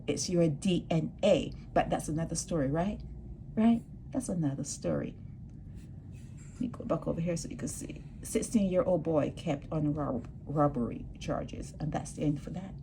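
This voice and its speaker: A woman vlogger giving animated, indignant commentary on a court case, talking straight to her viewers. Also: deep voice, normal speed, noisy background. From Barbados. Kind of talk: opinionated news commentary.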